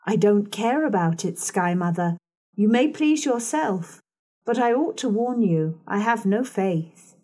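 A woman's voice: medium pitch, lively intonation, unhurried, mellow. A woman voicing a composed, blunt young governess in an audiobook, answering curtly and coolly. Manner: curt, unimpressed.

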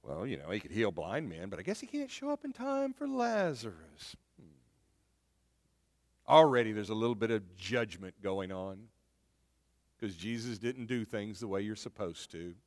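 A man's voice: on the low side, sing-song, moderate pace, darkish tone. Man preaching in a reverberant hall. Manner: conversational preaching, repeats words. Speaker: pastor. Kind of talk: sermon. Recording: long reverb of a church hall.

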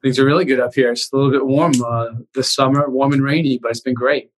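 Boston guy on a video call talking fast, spinning stories and doing little voices. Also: medium pitch, slight background noise, rough recording. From Boston area, USA. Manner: animated anecdotes, acts out quoted voices. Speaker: guest, real estate investor and author. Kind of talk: casual interview storytelling.

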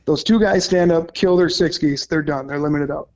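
A man in his thirties from Minnesota, a hunting guide telling stories casually, excitable and profane, laughing mid-story. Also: fairly high pitch, moderate pace, dull audio. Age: 30s.

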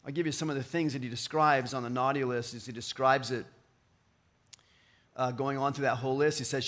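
A man's voice: medium pitch, steady tone, fairly quick, a bit bright. A man preaching a sermon in a conversational, playful way, voicing quotes and asides. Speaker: pastor.

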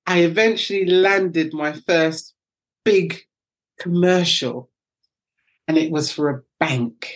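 A middle-aged British woman, a guest telling lively anecdotes and acting out the voices of the people in them. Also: sits low, takes it slowly, long pauses. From United Kingdom. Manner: animated, acts out voices in her anecdotes. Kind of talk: storytelling interview.

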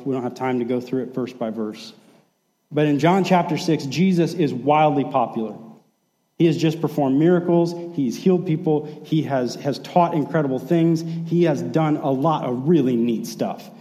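A pastor giving a sermon in a relaxed, conversational storytelling way, acting out the quoted lines. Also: male voice, on the high side, big-room sound, poor audio.

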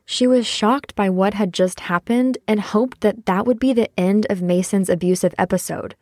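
A woman hosting a podcast, giving measured narration between interview clips. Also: mid-range voice, a little mellow, no room sound, clean studio sound.

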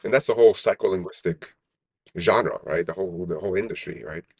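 A man's voice: low-pitched, brisk, no room sound. A middle-aged man, a company founder in an interview, talking animatedly and often tagging his points with "right?". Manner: animated, peppers speech with "right?". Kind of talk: casual interview talk.

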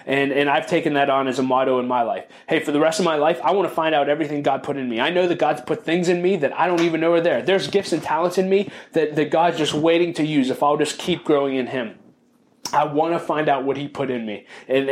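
A man hosting a podcast, speaking earnestly and reflectively in a monologue about lessons he learned, often restarting and repeating key phrases. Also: on the high side. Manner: openly emotional, calls himself sensitive. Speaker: podcast host.

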